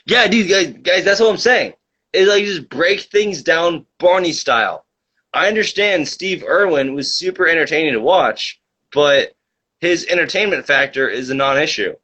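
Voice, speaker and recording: A man's voice: fairly high pitch, expressive, normal speed, pushed and bright. A man hosting a comedy livestream talk show in casual chat, reading out viewer comments and joking in a rambling, mock-conspiratorial way. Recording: dull lo-fi mic.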